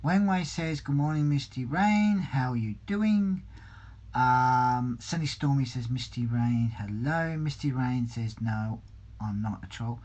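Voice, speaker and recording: A man's voice: a little high, muffled recording. A man hosting a casual livestream from a home hobby room, hesitant and full of ums, reading viewer comments aloud as he builds a model. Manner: slow, hesitant, many ums and restarts. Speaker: livestream host.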